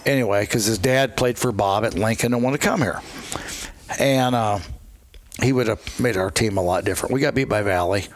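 An older man and grandfather, a guest telling rambling stories in casual chat, blunt and quick to swear. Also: fairly low pitch.

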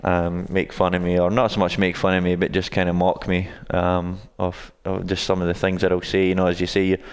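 A young Scottish man with a very deep, even voice that rarely rises or falls. He talks in a smooth, resonant tone, stopping often with ums and restarts. The sound has a long reverb, as if in a hall. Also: fairly quick. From Scotland. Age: 20s. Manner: hesitant, many ums and restarts. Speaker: guest, college soccer coach. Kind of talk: casual interview answers.

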